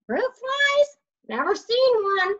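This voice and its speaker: A woman's voice: very high voice, very animated, slow pace, fairly bright tone, voice pushed up, heavily acted. A woman voicing the moon as a fussy, hard-of-hearing old man who mishears everything. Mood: puzzled. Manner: mishearing, mildly indignant. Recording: slightly dull lo-fi recording.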